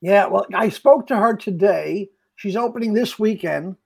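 A man, an actor and comedian, telling set stories in casual chat, animated and full of stammered restarts. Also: high-pitched, normal speed, gravelly, breathy edge. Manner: animated, acts out quoted voices, stammering restarts.

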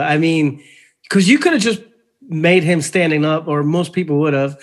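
A man's voice: fairly high pitch, normal speed. A man hosting a podcast, chatting casually and prompting his guest with questions. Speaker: podcast host. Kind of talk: casual interview chat.

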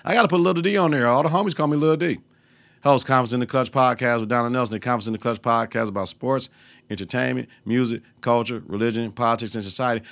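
A young adult man hosting his own podcast, talking in a loose, profane, animated way and breaking into laughter as he tells stories. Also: mid-range voice, quick pace, dry recording. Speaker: podcast host. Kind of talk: casual solo podcast rant.

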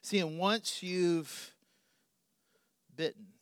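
A middle-aged male pastor delivers a sermon with a high voice. He lands hard on key words, then falls to quiet asides. The recording is dry and close. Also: extremely slow, smooth, no room sound. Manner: animated, swings from loud emphasis to quiet asides.

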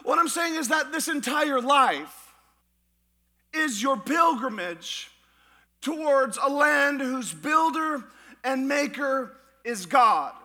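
A man preaching a sermon as pastor, with rising shouts and a few sung lines. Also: extremely high pitch, animated, slow. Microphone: church podcast recording of a live sermon.

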